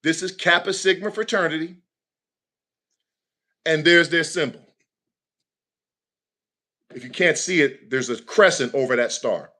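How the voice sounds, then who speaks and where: A man with a bright, somewhat high voice tells a story in a preacher's rolling cadence. He is animated and emphatic, a minister speaking on a talk show. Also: a little slow, pauses often.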